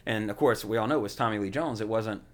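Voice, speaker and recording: A man's voice: lowish voice, quick pace. A man hosting a podcast, chatting casually and enthusiastically about films with lots of fillers. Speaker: podcast host. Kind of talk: casual film chat.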